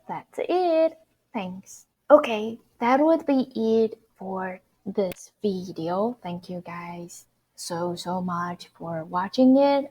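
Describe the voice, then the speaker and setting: Slow, patient woman teaching. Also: mid-range voice, husky. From Taiwan. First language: Mandarin. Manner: patient, repeats phrases slowly for learners. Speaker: Mandarin teacher. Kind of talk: online language lesson.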